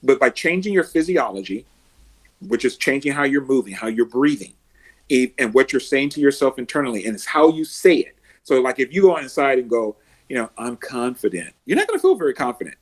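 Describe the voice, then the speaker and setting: A man working as an emotional success coach, a podcast guest who tells animated stories and acts out the people he coaches. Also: mid-range voice, fairly quick. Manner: animated storyteller, acts out quotes and heroic laughs.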